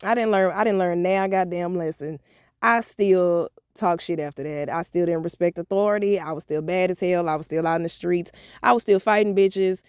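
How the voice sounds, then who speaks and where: A woman vlogger telling a story from her own life in an animated, profane, blunt way. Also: fairly low pitch, normal speed, clear, resonant tone, no room sound, clean studio sound. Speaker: motivational vlogger. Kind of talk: storytime vlog.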